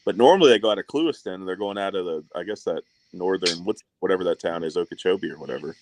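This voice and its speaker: A man's voice: low-pitched, fast talker, a little mellow, slight background noise, rough recording. A man hosting a live fishing stream, trading profane, joking banter with guests. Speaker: stream host. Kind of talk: casual stream chat.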